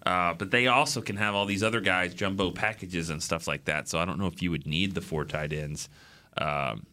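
A man co-hosting a casual sports chat, speaking in an unhurried, hesitant way. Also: low-pitched, fairly even intonation, sharp tone. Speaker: co-host.

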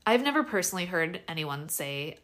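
A woman's voice: lowish voice, big pitch swings, a little fast, fairly bright tone. A young adult woman hosting a podcast, talking casually and animatedly with lots of fillers and restarts. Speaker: podcast host.

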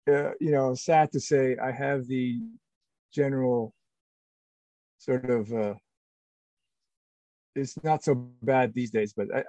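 A middle-aged man, an actor being interviewed, talking casually and haltingly with many restarts and fillers. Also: mid-range voice, dark tone, no room sound, poor audio. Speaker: actor guest.

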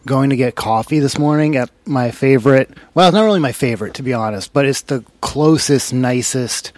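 A man's voice: medium pitch, brisk, no echo. Profane ranting man with a dry close sound. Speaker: podcast co-host. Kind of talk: casual comedic chat.

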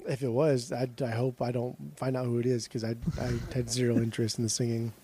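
Male podcast co-host, casual and profane, stumbling restarts, dark tone. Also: medium pitch, level tone, quick pace, a little hiss or hum. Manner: rambling, profane, frequent restarts. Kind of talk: casual chat.

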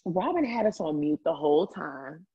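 Lower-pitched gossipy woman, dull lo-fi sound. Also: normal speed, slightly rough. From Maryland. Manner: gossipy, animated, laughs often. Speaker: podcast host. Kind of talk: casual chat.

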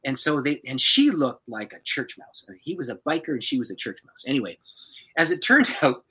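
A man's voice: medium pitch, a little fast, husky, poor audio. A man, a pastor and author, tells a personal story as a podcast guest, breaking into laughter as he goes. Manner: lively, laughs through his story.

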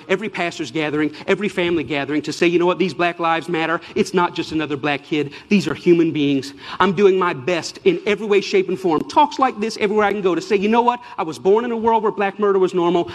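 A man with a high voice delivers a passionate speech in an emphatic, preacher-like rhythm. His words ring out with a long hall reverb around them. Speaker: speaker giving a talk. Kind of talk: impassioned public speech.

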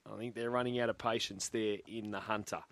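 A man with an Australian accent hosting sports radio, reading out listener texts briskly and chatting with his co-host. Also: on the low side, fairly even intonation, a bit bright, no echo.

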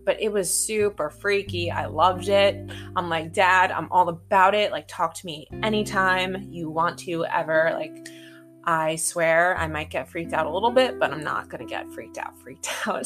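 A woman's voice: fairly low pitch, a bit bright. A woman host talking casually and chattily, with many fillers and some swearing. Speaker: spiritual podcast host. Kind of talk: casual monologue.

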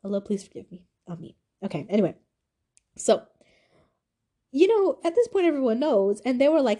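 An eighteen-year-old woman hosting a podcast, telling a personal story in a confiding, animated way. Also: fairly quick. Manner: animated, confiding, swings from high to low. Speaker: podcast host.

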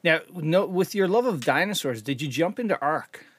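A man's voice: on the high side, animated, normal speed. A man hosting a podcast, chatting casually, mostly agreeing and asking short questions. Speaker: podcast host.

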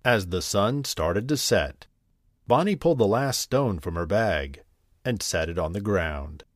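A man reading a scripted bedtime story in a gentle, unhurried, expressive way. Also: fairly low pitch, dry recording, clean studio sound.

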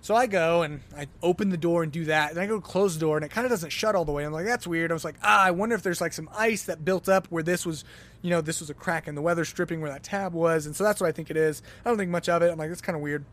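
This is a man hosting his own talk show, telling a personal story as a loose monologue. His voice sits a little high, and he keeps it conversational. He jumps into lively acted-out exclamations as he goes. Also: fast. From lives in Denver, Colorado. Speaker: podcast host.

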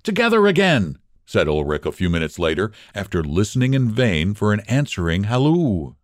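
A man hosting a literature podcast and reading a short story aloud with expressive, dramatic narration. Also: deep voice, normal speed, no room sound, studio quality. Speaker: podcast host and reader.

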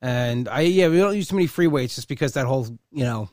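A man talking casually in a relaxed, self-deprecating, halting way. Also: mid-range voice, no room sound, clean studio sound. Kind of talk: casual chat.

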